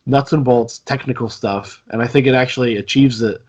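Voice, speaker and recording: A man co-hosting a casual movie podcast, talking in a measured, hedging, analytical way. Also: mid-range voice, steady tone, a little mellow. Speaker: podcast co-host. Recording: dull lo-fi mic.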